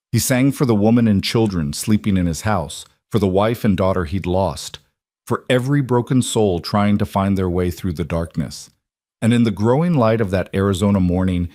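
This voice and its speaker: A man narrating a frontier storybook, slow, solemn and measured. His voice sits low. The recording is close and dry. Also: a little mellow, no room sound.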